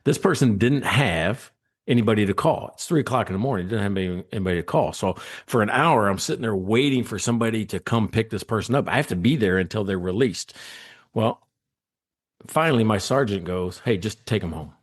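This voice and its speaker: Podcast guest, man, lowish voice, animated storyteller who acts out quotes and laughs a lot. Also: a little fast. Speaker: guest, former state trooper.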